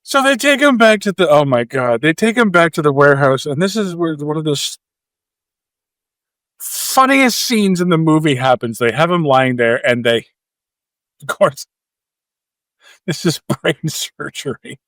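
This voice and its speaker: A man's voice: on the high side, measured pace, pauses often, no echo. A man co-hosting a movie podcast, recapping scenes in casual chat and acting out quotes and sound effects. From Canada. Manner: animated storytelling, acts out quotes and sound effects. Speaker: podcast co-host.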